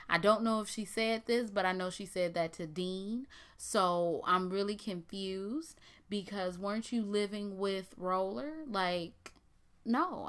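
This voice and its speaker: A woman's voice: medium pitch, bright, forceful tone, clear, resonant tone. A woman recapping a TV episode casually, with blunt, sarcastic running commentary. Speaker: TV recap vlogger.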